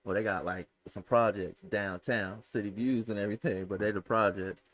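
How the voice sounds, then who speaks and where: A man's voice: lowish voice, steady tone, moderate pace, a bit bright. A man hosting a casual podcast, telling a story bluntly and laughing along. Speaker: podcast host.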